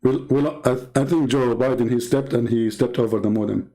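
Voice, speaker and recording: A man's voice: mid-range voice, steady tone, fairly quick, dark tone. A man hosting polemical commentary, talking in a mocking, sarcastic way and laughing at his own jokes. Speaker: host.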